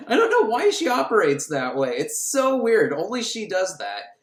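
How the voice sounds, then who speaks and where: Man, comedic film recap, crude, sarcastic, lively pitch, roomy echo. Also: moderate pace. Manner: crude, sarcastic, acts out characters in shrill voices. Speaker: podcast host recapping a film. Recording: echoey room.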